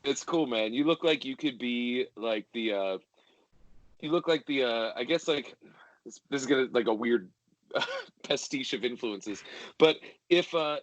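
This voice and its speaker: A man's voice: mid-range voice, unhurried, no room sound, low-quality recording. Easygoing man co-hosting a podcast from home. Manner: relaxed, joking, upbeat banter. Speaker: podcast co-host. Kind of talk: casual chat. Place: home during quarantine.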